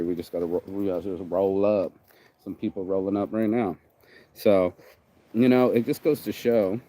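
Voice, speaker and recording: A man's voice: low voice, warm tone, low-quality recording. Laid-back rambling man vlogging outdoors. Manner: laid-back, rambling, peppered with "bro" and "you know". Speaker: vlog host. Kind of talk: casual rambling chat. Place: outdoors by a beach.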